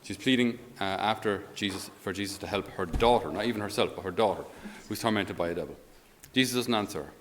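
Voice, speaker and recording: An Irish priest with a fairly low voice gives a relaxed, chatty homily. He tells his stories with energy and slips in frequent chuckles, with a faint hum of room noise behind him. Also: fast talker. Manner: animated storyteller, chuckles while talking. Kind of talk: conversational homily.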